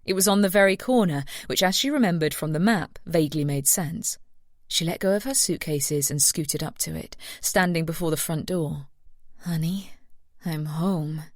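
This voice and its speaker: A woman narrating a mystery audiobook in an even, measured reading. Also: low-pitched, dry recording, studio quality. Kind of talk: scripted narration.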